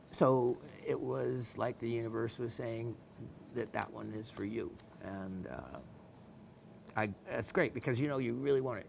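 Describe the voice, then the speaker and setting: A man's voice: mid-range voice, creaky, a little hiss or hum. A middle-aged man with a Southern US accent hosting a gemstone show, chatting casually and reading viewer messages in a folksy, rambling way. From American South. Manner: folksy, rambling, playful, with frequent fillers and laughs.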